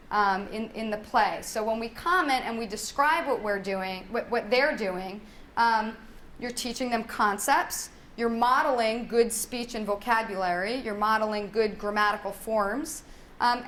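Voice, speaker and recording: A woman's voice: fairly high pitch, a bit bright, slight background noise. A young adult woman, a speech-language pathologist, leading a parenting workshop in a conversational way, often asking "right?" and modeling child talk in a lilting singsong. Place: workshop room.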